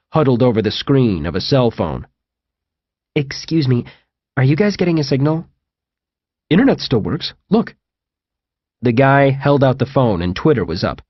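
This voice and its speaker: A man's voice: mid-range voice, no room sound, highs cut off. A man narrating a first-person comic horror audiobook in a wry storytelling manner. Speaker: audiobook reader.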